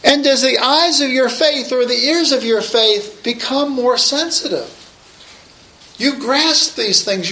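High, bright-voiced preacher. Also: male voice, roomy sound, slight background noise, rough recording. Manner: emphatic, raises voice to proclaim. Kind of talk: sermon.

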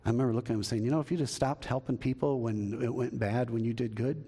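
A man's voice: medium pitch, fast talker, few pauses, mellow, slightly rough, big-room sound. A male pastor telling a story in a sermon and then leading a closing prayer, acting out the voices he quotes. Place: church sanctuary.

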